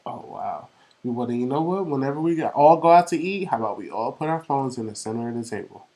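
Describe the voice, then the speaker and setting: Teasing man from the Caribbean, expressive pitch. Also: fast. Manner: teasing, calm, reflective. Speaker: podcast co-host. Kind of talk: casual chat.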